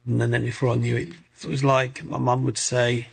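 A middle-aged man telling his life story in an interview, animated, acting out the voices of people in his story. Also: mid-range voice, moderate pace, gravelly, hardly any pauses. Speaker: guest.

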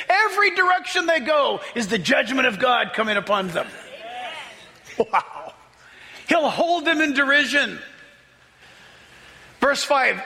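A man preaching a sermon as a pastor, excitable, often laughing and rising to shouts as he reads scripture. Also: extremely high pitch, moderate pace, pauses often, big-room sound.

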